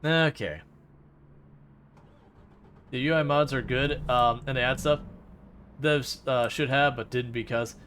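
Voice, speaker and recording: A chatty man talks casually to his stream, rambling with fillers and teasing the game. His voice is mid-pitched and bright. A faint noise runs underneath. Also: slow, pauses often. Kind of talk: casual live-stream chat.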